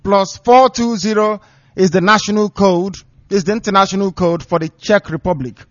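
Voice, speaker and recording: High-voiced man preaching on radio. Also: steady tone, moderate pace, no echo. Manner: emphatic, preaching declamation. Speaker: radio broadcaster. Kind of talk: live radio address. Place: radio studio. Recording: dull, lo-fi dry studio sound.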